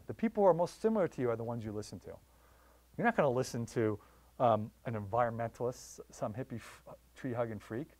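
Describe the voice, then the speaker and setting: A man giving a public lecture on wildlife conservation in a library, telling stories with lively voiced quotes. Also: a little high, no room sound. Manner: animated storytelling with voiced quotes.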